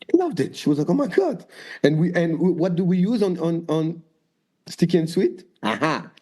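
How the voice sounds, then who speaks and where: Mellow-voiced man telling lively stories. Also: a little high, normal speed. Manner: lively storyteller, acts out quoted voices, swears freely. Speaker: guest dancer and choreographer. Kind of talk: storytelling interview.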